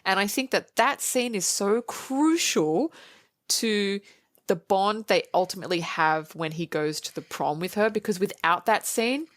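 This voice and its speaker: A woman co-hosting a podcast, chatting casually about a movie and acting out quoted lines with animated energy. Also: medium pitch, a little slow, no room sound, studio quality. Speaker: podcast co-host. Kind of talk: casual movie review chat.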